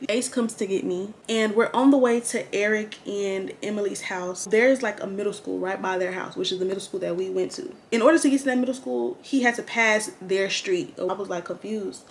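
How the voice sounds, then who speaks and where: A young woman chatting slangily through a get-ready-with-me storytime, animated and candid. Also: medium pitch, a little fast, hardly any pauses, a little hiss or hum. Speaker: vlogger.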